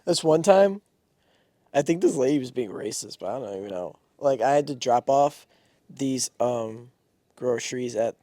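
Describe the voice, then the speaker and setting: A young man co-hosting a podcast, telling animated stories full of slang and swearing. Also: mid-range voice, normal speed, no room sound, clean studio sound. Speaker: podcast co-host. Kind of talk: casual chat.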